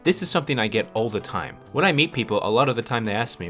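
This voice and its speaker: A man's voice: mid-range voice, animated, fast, fairly bright tone, faint music behind. A young man in his twenties from Canada with a North American accent, answering viewer questions in a casual chat with a bouncy, up-and-down way of talking. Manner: sing-song, up-and-down rhythm with playful swearing.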